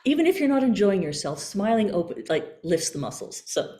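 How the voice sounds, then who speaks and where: A woman voice coach leading a workshop over a video call, giving calm, gentle cues. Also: medium pitch, brisk, few pauses, roomy sound. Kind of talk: guided workshop instruction.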